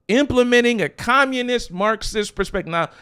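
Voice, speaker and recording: A man's voice: very high-pitched, lively intonation, moderate pace, sharp tone, clear, resonant tone. A man preaching a sermon as a pastor, emphatic, with rhetorical questions and repeated phrases.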